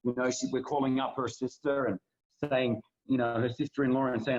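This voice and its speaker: A man's voice: medium pitch, fairly even intonation, a little fast, lo-fi sound. A man co-hosting a podcast, talking earnestly in casual conversation and restarting his sentences often. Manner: earnest, rambling with many restarts. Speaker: podcast co-host.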